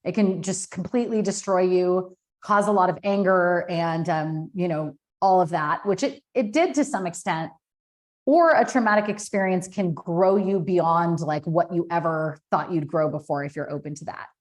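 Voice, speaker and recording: A woman in her thirties, a business founder appearing as a podcast guest, tells a personal story candidly and emotionally, with many fillers. Her voice is on the low side and her speed is normal.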